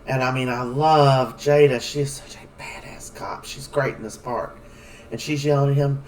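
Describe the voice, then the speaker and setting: This soap opera recap vlogger talks at normal speed in a medium-pitched, slightly mellow voice, going over an episode in a casual, rambling, chatty way with many fillers. The mic is distant and the recording rough.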